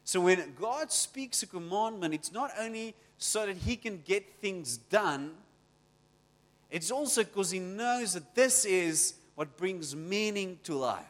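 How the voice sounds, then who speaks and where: A man preaching a sermon as pastor, energetic and story-driven, with frequent restarts. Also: high voice, takes it slowly, long reverb tail.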